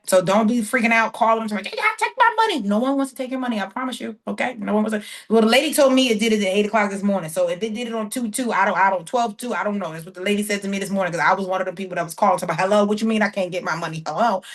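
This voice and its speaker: A woman coaching her team on a casual call, chatty and folksy, often shouting with excitement. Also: mid-range voice.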